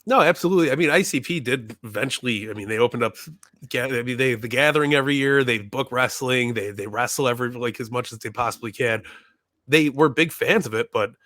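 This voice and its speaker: A man's voice: mid-range voice, quick pace, fairly bright tone, no room sound, studio quality. A man chatting casually as a podcast guest, laughing often and retelling scenes with playful voices. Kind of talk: casual chat.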